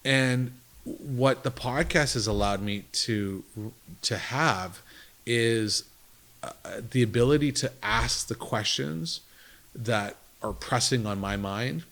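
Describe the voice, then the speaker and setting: A man's voice: medium pitch, slow, a bit bright. A man, a business owner guest, telling stories in a casual interview, jumping between thoughts and acting out what others told him. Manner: rambling, jumps between thoughts. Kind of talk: conversational interview storytelling.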